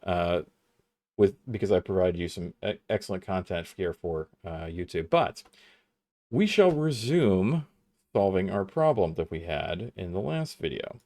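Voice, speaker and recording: A man with a fairly low voice talks through his game session from a room at home. His commentary is loose and rambling, full of little self-mocking jokes aimed at his viewers. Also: normal speed, a little mellow. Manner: rambling, self-joking and chatty. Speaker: game streamer. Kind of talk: casual gameplay commentary.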